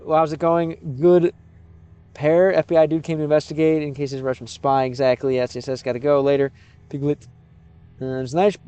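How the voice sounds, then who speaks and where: American man streaming in halting learner Russian. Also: on the high side, darkish tone, clear, resonant tone, no echo. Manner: halting, mixes learner Russian with English, many restarts. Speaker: live streamer. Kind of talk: casual live-stream chat reading viewer comments.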